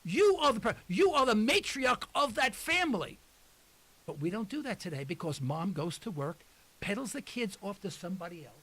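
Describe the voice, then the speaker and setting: Older male talk radio host in his sixties, high and bright voice, impassioned and rambling. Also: big pitch swings, moderate pace, breathy edge. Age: 60s. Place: radio studio.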